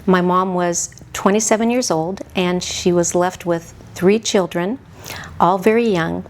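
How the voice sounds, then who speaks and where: A woman in her sixties, a podcast guest, telling her own story in a halting, heartfelt way that often drops toward a whisper. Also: on the low side, fairly even intonation. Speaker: podcast guest, mother of the hosts. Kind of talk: reflective personal storytelling.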